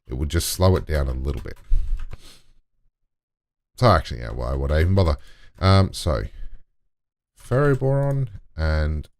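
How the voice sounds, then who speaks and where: A man's voice: a bass voice, expressive, a little slow, pauses often, dry recording. A man giving casual gameplay commentary, muttering to himself and talking to in-game items as he builds. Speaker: let's play gamer.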